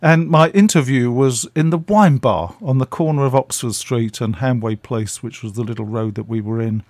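A man's voice: medium pitch, moderate pace, darkish tone, no room sound. An older man, a radio guest telling chatty, self-deprecating stories and acting out the voices. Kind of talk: anecdotal storytelling.

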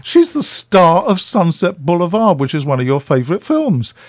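A man voicing his partner as a very high, astonished speaker. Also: big pitch swings, normal speed, darkish tone, no echo, clean studio sound. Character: incredulous man, exasperated partner.

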